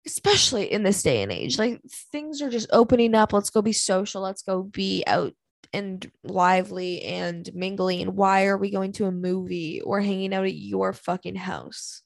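A young woman hosting a solo podcast rants candidly about her dating pet peeves, swearing freely and sighing a lot. Her medium-pitched voice has vocal fry and moves at a normal speed, with no echo. Her delivery is blunt and dramatic.

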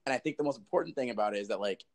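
Fast, animated young man rambling. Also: mid-range voice. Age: 20s. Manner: rambling, lots of "like", jokey, laughs often. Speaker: podcast co-host. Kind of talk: casual podcast chat.

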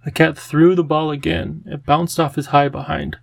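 A man reading a children's storybook aloud in a gentle, even storytelling manner. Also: fairly high pitch, moderate pace, gravelly, dry recording. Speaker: audiobook narrator. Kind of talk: scripted storybook narration.

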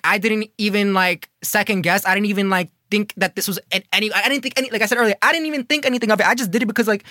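A man telling a personal story in a casual, animated way, swearing often and swinging between fast bursts and dramatic pauses. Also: high-pitched, no room sound, studio quality. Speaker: coding program student telling a story.

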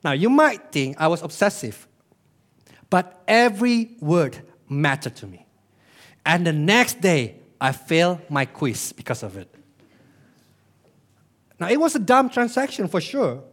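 Animated higher-voiced male pastor preaching. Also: measured pace, long pauses. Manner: animated preaching with rhetorical questions and dramatic drops to a hush. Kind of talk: sermon. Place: church.

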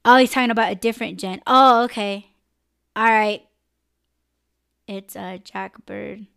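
A woman's voice: mid-range voice, a little slow, gravelly, a bit bright, clean tone. A woman hosting a live-stream podcast, talking candidly and emotionally and swearing freely. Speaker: podcast host.

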